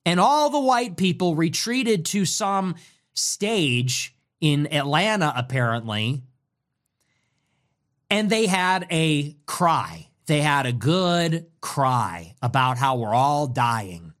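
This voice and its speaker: A political commentator with a fairly high, somewhat bright voice delivers a ranting monologue slowly and expressively. He is contemptuous and mocking, hammering his points home through emphatic repetition.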